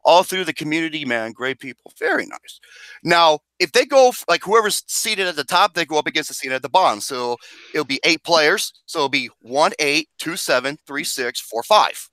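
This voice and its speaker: A man hosting a movie podcast, talking loudly in crude, excitable, joking banter. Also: on the high side, moderate pace, no echo, poor audio. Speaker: podcast host. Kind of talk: casual chat.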